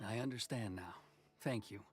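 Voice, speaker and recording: A man's voice: lowish voice, soft background music, close to an everyday voice. A man voicing a reserved, dry-witted official in a game. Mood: restrained. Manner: measured and restrained, with a dry wit. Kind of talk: game dialogue.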